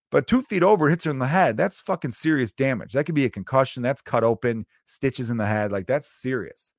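A man's voice: mid-range voice, dry recording, clean studio sound. A young man hosting a solo podcast, talking casually and bluntly, with plenty of swearing as he tells a story. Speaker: podcast host.

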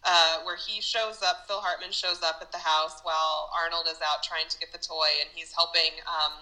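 A woman chatting casually about a movie, relaxed and dry-humored, with frequent fillers. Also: fairly low pitch, moderate pace, rough recording.

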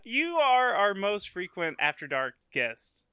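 A man hosting a casual podcast, chatty and quick to laugh. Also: sits high, big pitch swings, a crowd in the background. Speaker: podcast host.

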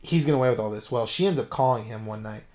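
A man recaps a film on a podcast, talking in a loose, animated way at a middling pitch. He swears freely and keeps the story rolling as he goes. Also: very fast, a little hiss or hum. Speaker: podcast co-host. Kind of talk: casual movie recap chat.

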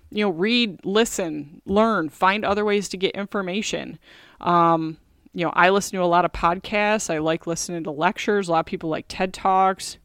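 A woman's voice: mid-range voice, fairly bright tone, clean tone, dry recording, studio quality. A middle-aged woman hosting a podcast, talking in a chatty, candid way with many fillers. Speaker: podcast host. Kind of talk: casual solo podcast talk.

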